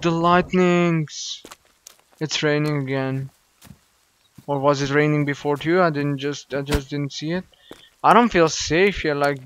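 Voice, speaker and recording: A man's voice: fairly high pitch, fairly bright tone, slight background noise, low-quality recording. A young man with a Slovenian accent, giving jumpy, panicky commentary while playing a horror game, swearing and repeating himself. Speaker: gaming YouTuber. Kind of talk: scared horror gameplay commentary.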